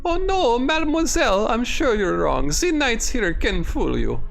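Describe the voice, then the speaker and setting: A man voicing a flighty young French maid woman in a high, breathy falsetto, reading her game lines aloud. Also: sing-song, measured pace, faint music behind, full character voice. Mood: fussy.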